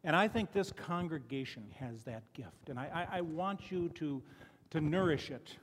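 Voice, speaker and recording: A man's voice: on the high side, lively intonation, normal speed, big-room sound. An older man from Chicago giving a folksy, conversational sermon full of personal stories, often restarting his sentences. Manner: folksy, conversational, frequent restarts and "you know". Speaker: lay preacher. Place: church sanctuary.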